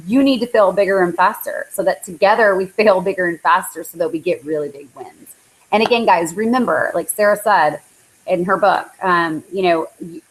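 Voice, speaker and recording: A woman's voice: mid-range voice, rough recording. A woman coaching her team on a live call, chatty and full of likes and ums. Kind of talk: casual motivational talk. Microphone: live online call.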